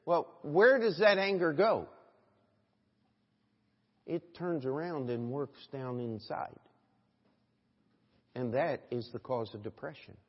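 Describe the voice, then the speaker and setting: Husky high-voiced preacher in reverberant church. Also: male voice, slow, long pauses. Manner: preaching with frequent calls of "Amen?" to the congregation; swings between quiet reflection and loud emphatic exhortation. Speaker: pastor. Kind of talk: sermon. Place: church sanctuary. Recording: dull recording with long church reverb.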